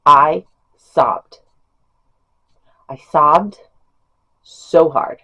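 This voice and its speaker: A woman's voice: low-pitched, extremely slow, bright, forceful tone, dull audio. A middle-aged woman chatting casually as a book reviewer, rambling with fillers and small laughs. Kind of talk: casual chat.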